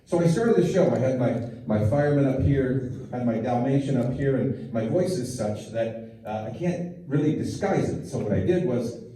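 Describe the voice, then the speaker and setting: Middle-aged man, storytelling stand-up, self-deprecating, rambling, dark voice, distant echoey hall. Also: mid-range voice, lively intonation, fairly quick, hardly any pauses. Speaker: preschool teacher telling stories. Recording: echoey hall, voice far from mic.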